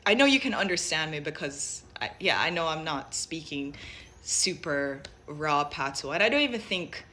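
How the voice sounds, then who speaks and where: A woman's voice: deep voice, animated, normal speed, sharp tone. A young woman from Jamaica with a light Jamaican accent blended with American, musing thoughtfully with many fillers and restarts. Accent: light Jamaican mixed with American. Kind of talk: personal reflective monologue.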